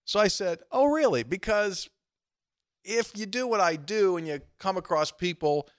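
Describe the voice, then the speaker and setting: A man hosting a casual sports chat, telling stories in an animated way and chuckling as he mimics the people he quotes. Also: unhurried, no room sound, clean studio sound. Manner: animated, acts out quoted voices with big jumps in pitch; chuckles often while telling a story. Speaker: podcast host.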